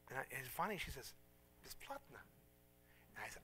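A man's voice: mid-range voice, fairly quick, long pauses, slight background noise. A middle-aged man preaching a sermon, telling stories with self-mocking humor and acting out the people in them. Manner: animated, self-mocking, acts out voices in stories. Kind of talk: sermon with storytelling.

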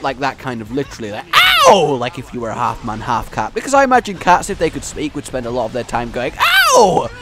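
A man hosting a let's play, rambling excitedly about the game, joking, and breaking into shouts and silly voices. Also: mid-range voice, fast, few pauses. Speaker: gaming channel host.

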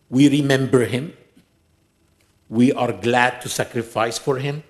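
In a mosque, a man with a mid-range voice gives an emphatic sermon. He throws out rhetorical questions and recites scripture in quick bursts.

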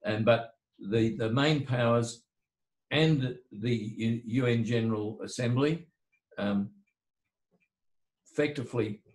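A man's voice: mid-range voice, a little mellow. Older man, author at a book talk, hesitant, repeats words, roomy echo. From Australia. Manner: halting, repeats words while thinking aloud. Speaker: author and lawyer. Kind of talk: discussing history at a book talk.

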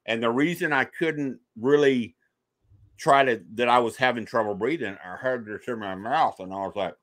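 Bright-voiced man telling a personal story. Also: mid-range voice, normal speed, no echo. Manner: animated storyteller who acts out quoted voices. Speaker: podcast guest, paranormal investigator.

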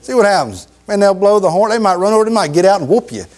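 A middle-aged man preaching a sermon in a folksy, emphatic way, repeating phrases and dropping low for emphasis. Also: lively intonation, quick pace, darkish tone.

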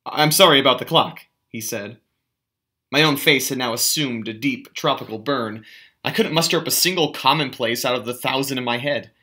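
A male teacher reads a novel chapter aloud in an unhurried, measured narration. His tone is bright and crisp, at an ordinary pitch for a man. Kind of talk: audiobook reading of a novel.

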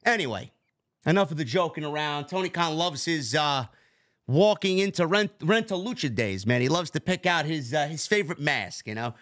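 A man with a Bronx accent co-hosting a casual wrestling review, talking in an animated, profane and sarcastic way. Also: fairly high pitch, moderate pace. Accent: New York (Bronx). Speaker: podcast co-host.

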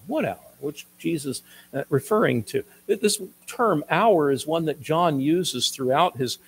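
A man preaching a sermon as pastor, explaining a passage in a measured, teaching way with occasional restarts. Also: a little high, slight background noise, low-quality recording.

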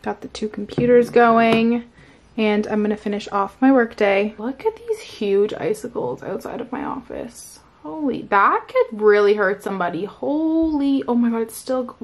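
A woman's voice: on the high side, expressive, normal speed, a little hiss or hum. A young woman in her twenties talking casually to the camera at home as a vlogger, upbeat and chatty with lots of "like". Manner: chatty, upbeat, filler-heavy. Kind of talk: casual vlog chat.

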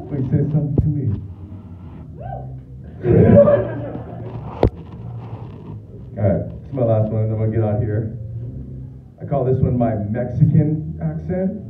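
A young man doing a stand-up comedy set, animated, crude and laughing at his own jokes. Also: a little high, moderate pace, pauses often, far from the mic, over music. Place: bar or small club. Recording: tinny, roomy club recording from afar.

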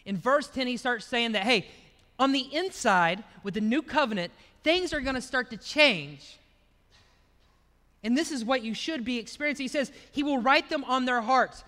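A man's voice: very high-pitched, animated, moderate pace, bright, forceful tone, in a large hall. A man preaching a conversational sermon in a church, telling stories as he goes. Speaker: pastor.

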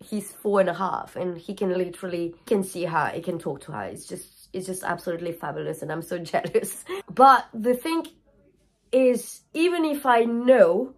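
A woman's voice: fairly low pitch, moderate pace. A woman yoga teacher speaking to camera in a candid personal video. She is emotional and openly tearful at times, and she jumps between thoughts, swearing freely. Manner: scattered, frank, swears freely.

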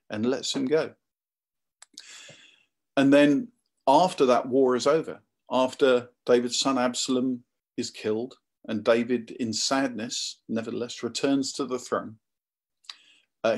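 A man preaching a sermon in a conversational, animated storytelling manner. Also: mid-range voice.

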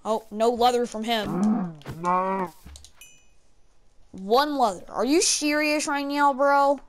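A woman's voice: on the high side, slow pace. A woman giving casual gameplay commentary. She chats to her in-game pets and exclaims often. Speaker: gaming video creator.

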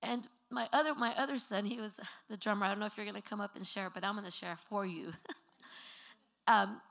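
A woman's voice: mid-range voice, fairly even intonation, fairly quick, gravelly, fairly bright tone. A middle-aged woman, a former pastor, telling stories at a memorial in a church and acting out the voices of the people in them. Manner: storytelling, acts out children's voices. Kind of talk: memorial tribute.

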